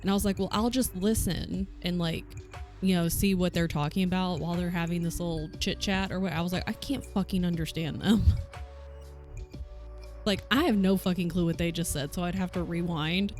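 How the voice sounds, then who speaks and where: Southern-accented woman streamer, loose and profane, chatting over soft background music. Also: fairly low pitch, steady tone, normal speed. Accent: Southern US, softened. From American South. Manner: swears freely, chatty, laughs often. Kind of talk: casual chat while coworking. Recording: faint music behind.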